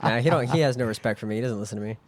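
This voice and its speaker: A man co-hosting a podcast in casual chat, animated and quick to laugh, swearing freely. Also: mid-range voice, slight background noise. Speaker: podcast co-host. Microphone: boom mic.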